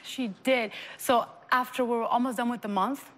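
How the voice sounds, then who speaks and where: A woman guest on an interview show, a mother telling her story in an earnest, animated way and acting out the dialogue. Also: fairly high pitch, moderate pace, long reverb tail. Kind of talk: emotional personal storytelling.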